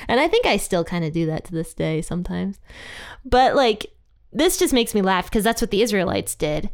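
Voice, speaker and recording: A Bible teacher leads a casual Bible study, relaxed and chatty, laughing often and putting a playful voice on quoted lines. Her voice is smooth, clean, and mid-pitched for a woman, and she talks fairly quickly.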